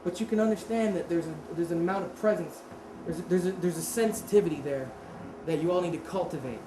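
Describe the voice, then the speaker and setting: A woman's voice: fairly low pitch, fast talker. A woman teaching a martial arts seminar, talking casually, quizzing the class and correcting herself. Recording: roomy echo with steady background noise.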